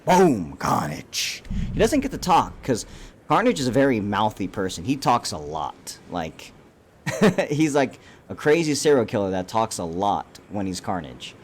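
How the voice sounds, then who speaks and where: A man's voice: on the low side, sing-song, moderate pace. A man giving a casual, profane, rambling reaction to a movie trailer, full of fillers and restarts. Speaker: YouTube commentator.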